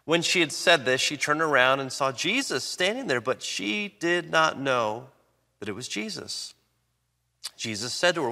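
A man preaching a sermon, reading scripture and then explaining it with emphatic swings in pitch and loudness. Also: expressive, moderate pace, gravelly. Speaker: pastor. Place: church sanctuary. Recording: long reverb of a large hall.

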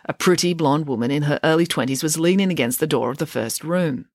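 A woman's voice: deep voice, a little fast, no room sound, studio quality. A woman reading a children's novel aloud, switching into voices for each character. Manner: lively storytelling with character voices. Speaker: audiobook narrator.

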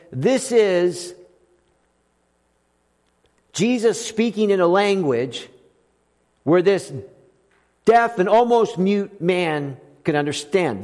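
A man preaching a sermon as pastor, swinging between loud emphatic lines and soft hushed ones. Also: on the high side. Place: church sanctuary. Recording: long reverb of a church hall.

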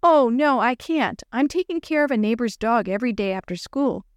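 A woman voicing an eager young schoolgirl in a children's story, a little higher and bright. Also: lively intonation, normal speed, clear, resonant tone, dry recording, clean studio sound, close to an everyday voice.

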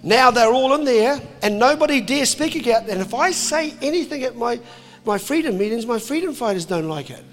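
A man preaching to a crowd, animated and jokey, slipping into voices. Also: very high-pitched, brisk, long reverb tail, faint music behind. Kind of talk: impassioned sermon to a crowd.

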